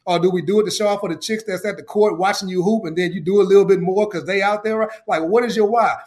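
Excited, high-voiced man testifying. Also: fast. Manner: excited and emotional, preacher-like repetition. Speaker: podcast guest; youth coach. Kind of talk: testimony-style storytelling.

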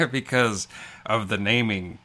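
A man with a lowish voice co-hosting a movie podcast. His tone is bright. He teases his partner and asks a lot of questions in casual chat. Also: lively intonation, fairly quick. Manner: inquisitive, teasing banter. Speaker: podcast co-host.

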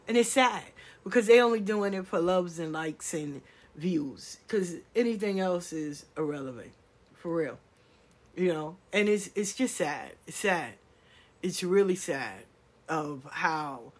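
A middle-aged woman, hosting a podcast in a blunt, animated casual monologue and swearing freely. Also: on the low side. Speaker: podcast host.

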